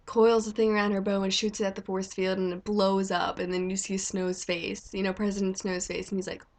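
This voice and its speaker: Young woman vlogger, excitable and chatty, gushes freely in casual talk. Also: mid-range voice. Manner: gushing, chatty, lots of "like". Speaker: vlogger reviewing a movie. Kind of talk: casual chat.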